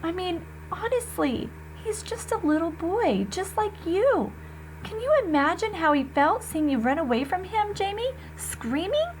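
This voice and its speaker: Woman doing a firm caring mom, kinda high voice, gently scolding, faint hiss behind. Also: big pitch swings, moderate pace, rough recording. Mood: stern. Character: adult mother, patient but firm with her sons.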